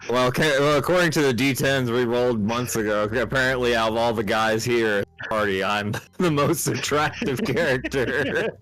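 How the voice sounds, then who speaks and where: A man's voice: medium pitch, normal speed, hardly any pauses, a bit bright, poor audio. A man playing a tabletop game, talking in wry casual chat. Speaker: player.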